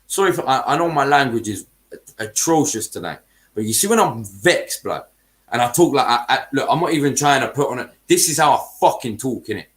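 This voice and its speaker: A man's voice: mid-range voice, animated, brisk, fairly bright tone. A man hosting a football podcast, ranting heatedly in casual chat, swearing and using heavy street slang.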